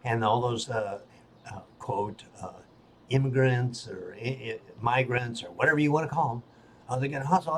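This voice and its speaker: Older man, angry rant, blunt, halting fillers, faint background hiss. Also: medium pitch, a bit bright. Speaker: political vlogger. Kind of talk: ranting monologue.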